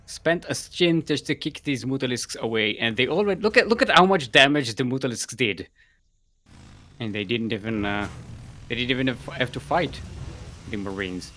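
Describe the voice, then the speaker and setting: A man casting a live video game match, excitable and laughing often as he talks. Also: mid-range voice, moderate pace. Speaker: esports caster.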